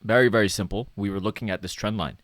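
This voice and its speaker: A man with a lowish voice and fairly even intonation talks quickly and casually through market charts as a stock analyst. He's chatty and self-mocking, often adding "okay?" and "right?", in a dry, studio-quality recording.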